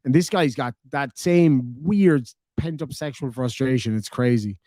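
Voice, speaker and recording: A man's voice: medium pitch, measured pace, warm tone, dry recording, studio quality. An Irish man from Ireland hosting a live stream, reading out viewer comments in a sarcastic, casual way and swearing freely.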